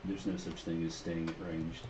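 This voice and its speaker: A man's voice: low-pitched, level tone, moderate pace. A man playing a tabletop game, chatting in a wry, easygoing way. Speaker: player. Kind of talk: casual tabletop game chat. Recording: echoey lo-fi with hiss.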